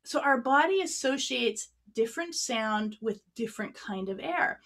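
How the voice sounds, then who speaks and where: A woman with a slightly high voice teaches an online clarinet workshop. She explains breathing and tone in a friendly, practical way. She demonstrates as she talks, sitting a few feet from her microphone. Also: animated, a little slow, a bit bright. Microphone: a few feet from the mic.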